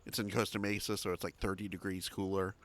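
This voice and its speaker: A man from Southern California talks on a podcast in a lowish, even voice. He lays out his points plainly and drops dry, deadpan quips. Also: no echo. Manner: dry, matter-of-fact, quick deadpan quips. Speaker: podcast co-host. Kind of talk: casual chat.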